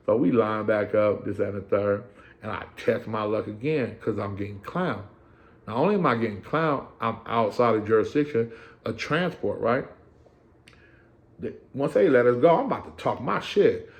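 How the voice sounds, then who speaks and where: A man's voice: lowish voice, moderate pace. A middle-aged man casually telling a story in a streetwise, profane style. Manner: streetwise, profane, animated retelling with quoted voices.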